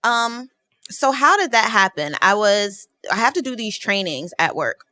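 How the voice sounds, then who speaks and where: A woman's voice: mid-range voice, big pitch swings, measured pace, bright, forceful tone, no echo. A woman from New Jersey, a podcast guest in a studio, chatting casually and often laughing as she talks.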